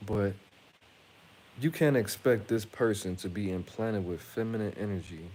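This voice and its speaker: A man's voice: lowish voice, normal speed, darkish tone, a little hiss or hum. A man hosting his own channel, talking in a blunt, profane, rambling monologue with frequent restarts. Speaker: channel host. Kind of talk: casual monologue to camera.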